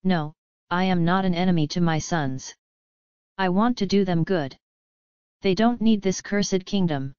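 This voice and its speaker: A woman's voice: fairly low pitch, a little slow, pauses often, a little mellow, clean tone, dry recording, close to an everyday voice. A woman voicing an ailing old emperor and worried father in an audiobook, speaking in a grave, solemn way. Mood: weary. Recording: slightly dull lo-fi audio.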